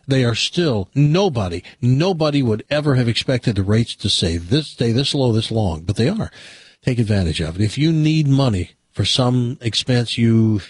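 A man's voice: mid-range voice, darkish tone, breathy edge, dry recording. A man hosting a radio talk show, chatting casually and reading sponsor ads in a folksy, rambling way. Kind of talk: casual radio chat and live read ads.

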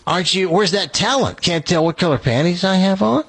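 A woman's voice: lowish voice, a little fast, breathy edge, dry recording, voice pushed up. A man voicing a sassy young woman from the 1950s who quizzes her date indignantly. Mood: teasing.

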